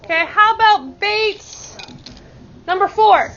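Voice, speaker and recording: High-voiced teacher, slow and clear. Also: female voice, lively intonation, bright, forceful tone, a little hiss or hum. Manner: upbeat, encouraging, slow and clear. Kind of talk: classroom teaching. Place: school classroom. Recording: muffled classroom audio with chattering kids.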